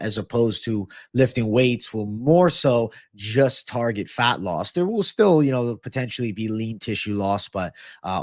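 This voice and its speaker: Young guy chatting on a live stream, says bro a lot, dry close sound, average pitch. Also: no room sound. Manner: casual, swears, thanks viewers, calls them bro. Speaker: livestream host. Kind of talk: casual live-stream chat reading chat.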